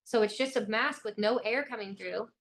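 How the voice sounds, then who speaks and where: A woman's voice: a little high, moderate pace, a bit bright. Young woman telling an intense story. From Illinois. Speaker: guest. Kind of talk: personal account in an interview.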